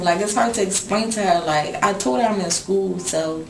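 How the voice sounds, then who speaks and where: A woman's voice: medium pitch, moderate pace, creaky, slight background noise. A woman speaking as an incarcerated mother in a documentary interview, telling her story plainly and with feeling. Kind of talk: documentary interview, casual talk. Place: prison. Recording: echoey room with crowd behind.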